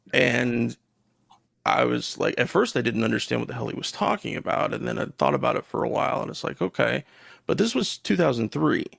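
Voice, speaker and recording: A man's voice: mid-range voice, very animated, fast talker, vocal fry, fairly bright tone, husky, dry recording, clean studio sound. A man, a podcast co-host and Army veteran, telling a wry anecdote in casual conversation.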